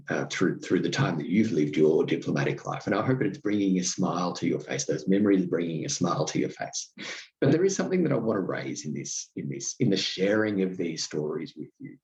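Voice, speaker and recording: Deep-voiced man hosting a podcast. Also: dull audio. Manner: halting, lots of ums and restarts; wry, self-deprecating storytelling. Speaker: podcast host. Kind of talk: reflective podcast monologue.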